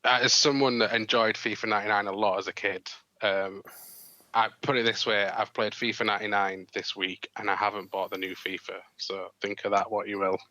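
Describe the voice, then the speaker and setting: A man with a Yorkshire accent, co-hosting a gaming podcast in a relaxed, slightly halting way. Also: fairly low pitch, highs cut off. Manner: relaxed, a little halting, repeats words. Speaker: podcast co-host. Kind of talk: casual podcast chat.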